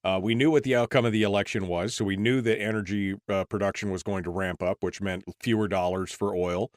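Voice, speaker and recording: A man's voice: on the low side, steady tone, fairly quick. A male talk-show host with a mid-range voice talks with his guest in a conversational, frustrated way. His sound is close and dry, with no room echo around it. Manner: frustrated, conversational, leans on "I mean".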